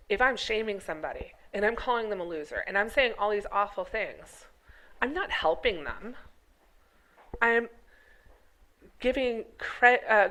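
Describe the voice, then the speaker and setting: A middle-aged health teacher rants to camera in a vlog, scolding and emphatic, peppering her talk with rhetorical questions and check-ins like "okay?" and "right?" Her voice is medium-pitched and fairly bright with vocal fry, and the recording is rough.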